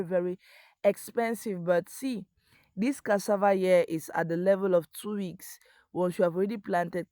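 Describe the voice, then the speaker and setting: Woman, lowish voice, earnest teaching tone, farming guide voice-over, dry close sound. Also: a little mellow, dry recording. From Africa. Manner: earnest instructional, addresses viewer directly. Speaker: agriculture video host. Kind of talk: voice-over explaining crop farming.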